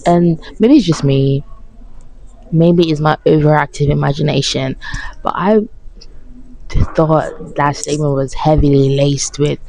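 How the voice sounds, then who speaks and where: A young woman delivers a heated, sarcastic rant about a reality show, dropping swear words along the way. Her voice is mellow and gravelly with vocal fry, recorded close and dry. She sounds worn out. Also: deep voice, level tone, unhurried, pauses often, no room sound, low-quality recording. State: tired. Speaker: vlogger reacting to a reality show. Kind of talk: casual reaction rant.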